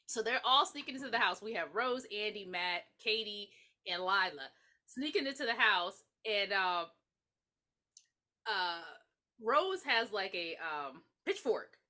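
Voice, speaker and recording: A woman co-hosting a podcast, excitably acting out movie scenes and laughing as she recaps in casual chat. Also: medium pitch, unhurried. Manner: giggly, excitable, acts out scenes. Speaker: podcast co-host.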